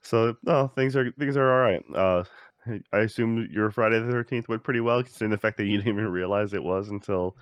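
A laid-back man co-hosting a podcast over a call. His voice sits on the low side, and his humor is dry and wry. The sound is close and dead. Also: a little fast, clear, resonant tone, no echo, highs cut off. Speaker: podcast co-host. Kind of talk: casual podcast chat. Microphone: remote call mic.

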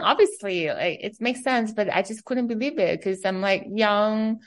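A woman in her thirties from China, speaking English as an interview guest, telling her story in an animated way and acting out the dialogue. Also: mid-range voice, measured pace, few pauses. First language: Chinese. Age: 30s. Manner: animated, acts out quoted dialogue. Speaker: fashion company CEO, guest.

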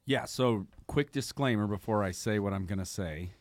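Deep-voiced man, measured and reflective. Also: no echo. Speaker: podcast co-host. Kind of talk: casual chat.

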